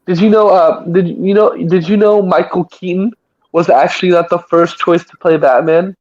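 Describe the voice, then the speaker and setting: A man's voice: sits high, fairly even intonation, moderate pace, darkish tone, highs cut off. A man hosting a live stream, chatting casually about movies in a rambling way, often stammering and restarting.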